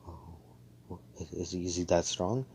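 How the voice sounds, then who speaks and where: A man's voice: sits low, fairly even intonation, moderate pace, vocal fry, darkish tone, a little hiss or hum. A man voicing a rowdy young male mage who stammers when rattled.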